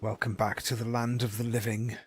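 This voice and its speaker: A man's voice: medium pitch, level tone, brisk. A man chatting casually with viewers during a live game stream, rambling and correcting himself as he goes.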